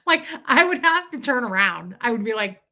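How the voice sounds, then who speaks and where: An animated woman host chatting casually with her live audience, telling stories with laughter and reading comments aloud. Her voice is bright and forceful. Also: on the high side, normal speed. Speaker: livestream host.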